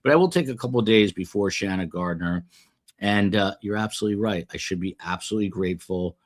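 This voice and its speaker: A man's voice: fairly low pitch, fast. A middle-aged man hosting a live stream, reading chat comments aloud in a rambling, self-deprecating way with many fillers.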